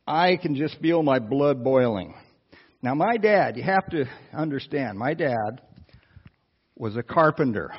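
A man preaching through a personal story, animated, with asides to the listeners. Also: mid-range voice. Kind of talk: storytelling sermon. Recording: dull lo-fi sound.

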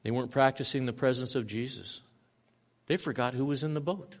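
Man, pastor, sermon, shifts from forceful emphasis to hushed tones, medium pitch. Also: fairly quick. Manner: preaching with dramatic swings between loud emphasis and hushed delivery.

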